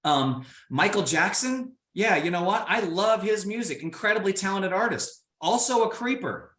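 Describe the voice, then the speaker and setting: Animated man giving a motivational keynote. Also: sits high, moderate pace, reverberant. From Indiana, United States. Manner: animated, playful, addresses the audience directly. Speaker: keynote speaker.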